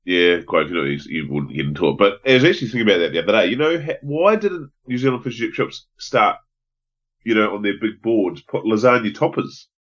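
A man's voice: lowish voice, animated, fast, a bit bright, dull audio. A man in casual chat who asks curious questions and jumps in with his own food memories.

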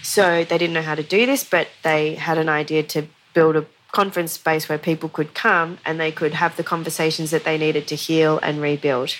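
A woman's voice: sits low, fairly even intonation, normal speed, hardly any pauses, a bit bright, a little hiss or hum. A woman guest on a podcast, telling a long story in a conversational way, often saying "you know".

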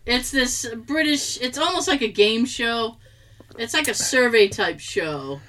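A young woman chatting casually as a podcast co-host, her voice bright and pitched a little high. She tells stories with a lot of laughter and acts out the quotes with lively swings in pitch. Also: measured pace. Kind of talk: casual chat.

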